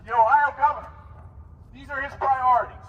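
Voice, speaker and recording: High-voiced man giving an impassioned protest speech. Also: steady tone, brisk, lo-fi sound. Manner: impassioned, rhetorical questions to the crowd. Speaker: protest speaker. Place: outdoors at a street protest. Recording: distant voice, faint outdoor noise.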